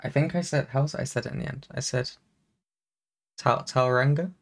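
A chatty man talking casually on a podcast, his sentences wandering with ums and restarts. He keeps a loose, friendly conversational flow, his pitch sitting in an ordinary middle range. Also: fairly even intonation, racing, gravelly, a little mellow, slightly rough. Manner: rambling, chatty, many fillers. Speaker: podcast co-host and streamer. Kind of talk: casual chat.

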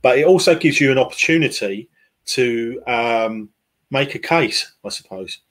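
A man appears as a podcast guest in a casual conversational interview; he works as a fan liaison for a football club. He speaks hesitantly, filling his talk with fillers and restarts, in a medium-pitched, somewhat bright voice with lively intonation and a slightly slow pace.

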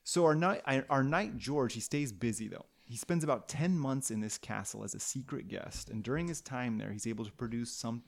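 A man with a gravelly voice at a middling pitch, telling a history story on a podcast. He talks casually and playfully, rambling off into tangents and restarting his sentences. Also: normal speed, few pauses.

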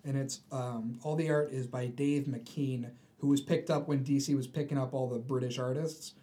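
A man's voice: mid-range voice, moderate pace. A man co-hosting a casual podcast, retelling a comic book story with lots of energy and acting out the characters' lines. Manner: animated storyteller, acts out the characters' voices. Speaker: podcast co-host.

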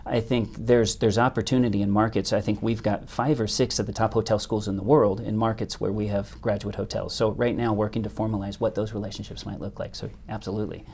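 A man's voice: fairly low pitch, little pitch movement, creaky, darkish tone, husky. A man being interviewed as a hotel company executive, speaking with frequent restarts and repetitions. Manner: halting, many restarts. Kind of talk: business interview.

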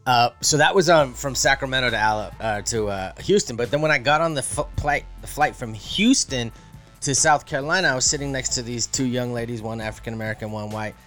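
A man's voice: mid-range voice, a little fast, fairly bright tone, soft background music. A man co-hosting a podcast, telling a story in casual chat, rambling with many fillers and restarts. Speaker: podcast co-host.

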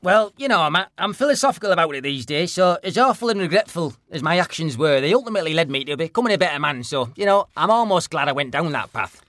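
Man doing a bright-voiced deadpan northern bloke, blunt, middle-aged, high-ish. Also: fast, no room sound, clean studio sound. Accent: Northern English. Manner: deadpan, blunt, plain-spoken. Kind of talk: mock documentary interview.

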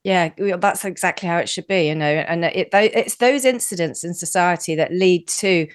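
Woman from the UK, radio news contributor, chatty and animated, lowish voice, dry close sound. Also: moderate pace, no echo. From United Kingdom. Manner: chatty, animated, stumbles over words. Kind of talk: casual radio chat.

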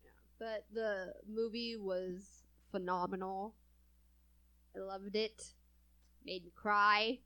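A woman's voice: medium pitch, fairly even intonation, slow, pauses often, sharp tone. A woman co-hosting a casual chat show, who laughs often and reads stories out with dry sarcasm. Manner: giggly, chatty, with dry sarcasm. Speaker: podcast co-host.

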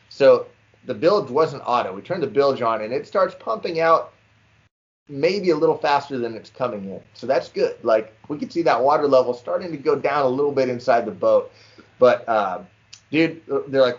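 Animated guy telling a fishing story. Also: mid-range voice, normal speed. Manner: animated storyteller, says "dude" often. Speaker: podcast co-host. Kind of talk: casual chat, storytelling. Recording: slightly dull lo-fi sound.

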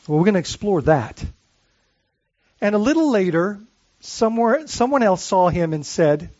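A man delivers a sermon as pastor, his voice sitting high for a man. He talks earnestly, poses question after question and often restarts his sentences. The recording is dry and a little muffled. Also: sing-song, moderate pace, long pauses, darkish tone, no echo. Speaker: lead pastor.

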